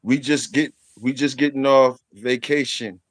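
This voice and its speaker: A man's voice: medium pitch, steady tone, unhurried, dry recording. A middle-aged man hosting a casual stream, teasing viewers with profane, laughing banter. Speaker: channel host. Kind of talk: casual livestream chat.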